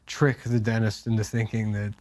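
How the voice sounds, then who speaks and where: A man co-hosting a comedy podcast, talking in a rambling, halting, self-deprecating way. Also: fairly low pitch, little pitch movement, darkish tone, no echo. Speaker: podcast co-host. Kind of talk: casual comedic banter.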